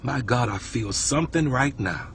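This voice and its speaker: A male preacher tells a testimony in a fervent, emotional voice that sits close to tears. His pitch is in the middle range, and a faint noise hangs behind him. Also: lively intonation, moderate pace, fairly bright tone. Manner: fervent, retells quotes with repeated "he says". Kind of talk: sermon testimony storytelling.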